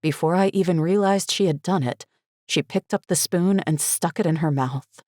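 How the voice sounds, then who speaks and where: A woman with a low voice narrates a first-person thriller at a measured, steady pace. The sound is close and dry, with no room echo. Her delivery stays controlled and even. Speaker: audiobook narrator.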